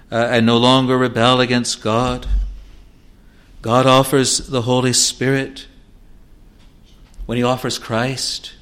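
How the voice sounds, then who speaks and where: A man's voice: medium pitch, fairly bright tone. A male preacher delivering an evangelistic sermon with earnest, pleading appeals.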